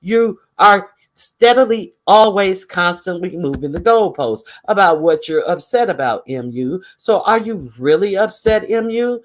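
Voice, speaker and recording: A man with a high voice tells gossip in a casual, animated commentary. He is sarcastic and full of profanity, jabbing at the people he talks about. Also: unhurried, hardly any pauses. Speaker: vlogger.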